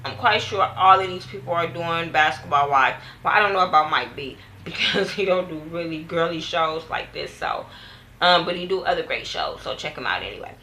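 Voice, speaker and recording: Bright-voiced woman giving a profane, animated recap. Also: on the low side, moderate pace, poor audio. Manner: animated, profane, acts out quotes of others. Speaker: TV show reviewer. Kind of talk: casual recap vlog.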